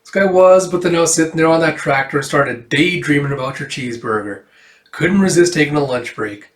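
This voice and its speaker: A man voicing a friendly, easygoing farmer with a folksy, relaxed way of talking. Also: a little high, fairly quick, reverberant, distant mic, close to an everyday voice. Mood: playful.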